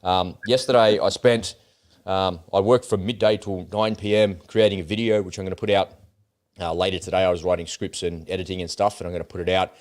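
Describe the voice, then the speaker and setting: An Australian podcast co-host gives blunt, heated opinions in casual chat, swearing freely. His voice is low-pitched and brisk, with fairly even intonation.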